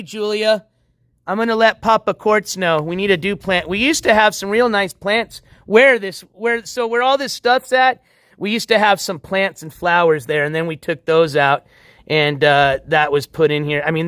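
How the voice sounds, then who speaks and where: High-voiced laid-back man streaming by a pool. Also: moderate pace, fairly bright tone, clean tone, no echo, clean studio sound. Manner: laid-back, rambling, chuckles often. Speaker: livestream host. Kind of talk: casual livestream chat. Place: outdoors by a backyard pool at night. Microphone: handheld phone.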